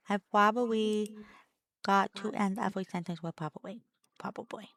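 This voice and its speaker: A woman's voice: medium pitch, steady tone, normal speed, creaky, a bit bright, no room sound. A woman co-hosting a gaming stream in casual chat, playful and giggly, trying out a cutesy baby-talk voice and swearing now and then. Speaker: streamer co-host.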